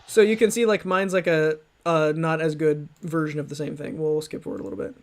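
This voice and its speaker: A man's voice: on the high side, little pitch movement, fairly quick. A man hosting a livestream, talking loosely and mocking himself with many restarts and fillers. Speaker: streamer reacting to his old videos. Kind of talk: livestream commentary.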